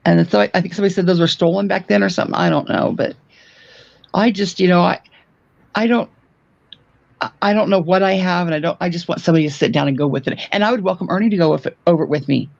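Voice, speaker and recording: A man chatting as a guest on a livestream, halting and restarting his words as he talks. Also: high-pitched, creaky, highs cut off. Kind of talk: casual chat.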